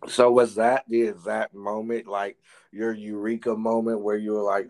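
A woman interviewer asking brief, halting questions. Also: rumbling low, little pitch movement, darkish tone.

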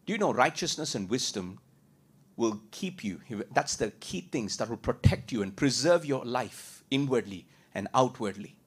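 A man preaching a sermon as a pastor, asking rhetorical questions and repeating points, moving between loud emphatic lines and quiet ones. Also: mid-range voice, expressive, normal speed, slightly rough.

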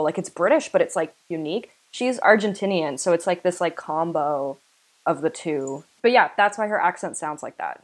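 A young woman with a notably low voice, talking in a loose, rambling way. She co-hosts a casual podcast, and her sentences are strung together with lots of "like.". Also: normal speed, rough recording. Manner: chatty, filler-heavy, uses "like" a lot. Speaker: podcast co-host. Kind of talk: casual chat.

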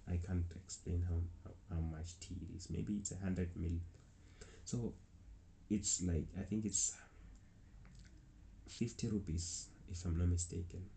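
Young man, low and gravelly, casual rambling vlogger; faint keyboard clicks behind. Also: fairly even intonation, a little slow, pauses often, warm tone, a little hiss or hum. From South Africa. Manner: rambling, with many restarts and acted-out quotes. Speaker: travel vlogger. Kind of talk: casual travel story.

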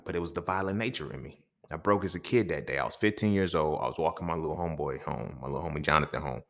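A young adult man hosting a podcast, telling a story from his own life in a casual, profane, animated way with lots of slang. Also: low voice, quick pace, hardly any pauses. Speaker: podcast host.

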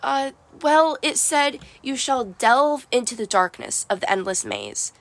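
A woman's voice: high voice, huge pitch swings, a little slow, fairly bright tone, no echo, exaggerated voice. A woman reading a serious, determined teen girl. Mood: solemn.

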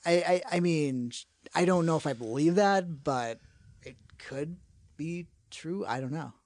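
Man, podcast guest, hesitant, stammering, slightly high pitch. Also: measured pace, a little mellow, dry recording. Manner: hesitant, stammering, laughs easily. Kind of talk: casual chat.

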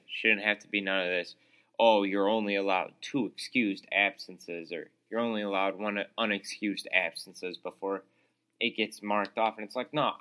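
A man's voice: mid-range voice, pushed and bright. A young man hosting his own podcast, ranting sarcastically about college life with lots of "like" and "uh", sounding exasperated. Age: young adult. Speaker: solo podcast host. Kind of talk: casual ranting monologue. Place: small room, calls it his studio.

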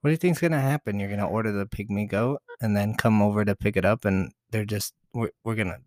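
Female co-host, extremely low pitch, dry teasing delivery, close dry recording. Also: quick pace, a little mellow, no echo. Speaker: podcast co-host. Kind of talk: casual chat.

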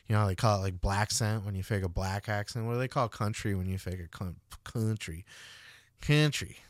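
A man's voice: on the low side, steady tone, fairly quick, no echo, studio quality. A man in his thirties hosting a podcast, rambling loosely through his sign-off and swearing casually. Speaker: podcast host.

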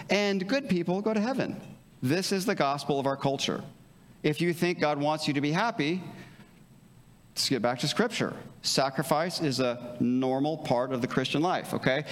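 A man preaching a sermon as pastor, earnest and conversational, often checking in with his listeners. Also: mid-range voice. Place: church sanctuary. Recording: church hall reverb.

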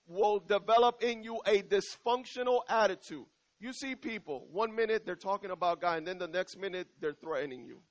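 A middle-aged male pastor gives a sermon to his church in a loose, conversational style, slowing down on key lines and repeating them. His voice is high for a man. The recording sounds muffled and lo-fi.

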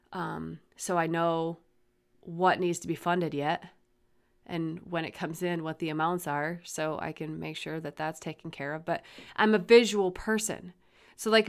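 A woman hosting her own podcast, rambling and swearing, moving from flat musing into heated ranting. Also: lowish voice, gravelly. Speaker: podcast host. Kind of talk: solo podcast rant.

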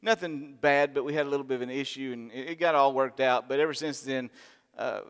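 A man preaching a sermon, telling a story in an animated, humorous way. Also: medium pitch, fairly quick, clear, resonant tone. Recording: long reverb in a large hall.

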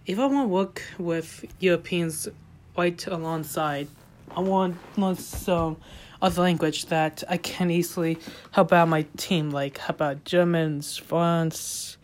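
A woman from the United States hosting a casual solo podcast, talking in a rambling, halting way with loose grammar and many fillers. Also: on the low side, fairly even intonation, a little mellow. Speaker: podcast host.

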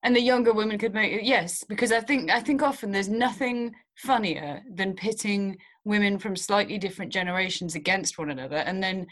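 A woman's voice: medium pitch, a little fast, hardly any pauses, fairly bright tone. A woman co-hosting a satirical podcast, speaking in an arch, mock-earnest way. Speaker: podcast co-host. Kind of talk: dry satirical banter.

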